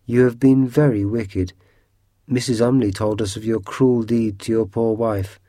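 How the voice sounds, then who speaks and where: A man's voice: lowish voice, fairly even intonation, unhurried, mellow, no echo, studio quality, natural voice. A man voicing a brave, kind young girl in a storybook, speaking firmly and scolding. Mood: stern. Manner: firm and scolding.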